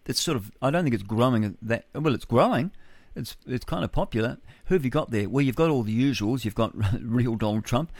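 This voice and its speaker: A man's voice: medium pitch, lively intonation, brisk, darkish tone, no echo. A man hosting solo breakfast radio, musing aloud and reading news with chuckling rhetorical asides. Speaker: radio host. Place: home studio with a window.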